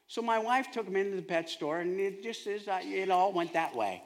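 A man preaching a sermon, telling a humorous family story in a lively, conversational way. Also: sits high, brisk, hardly any pauses. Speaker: pastor.

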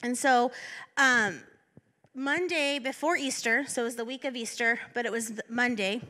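A woman's voice: fairly high pitch, normal speed, pushed and bright. A woman assistant pastor giving a candid, self-deprecating sermon as she tells a personal story.

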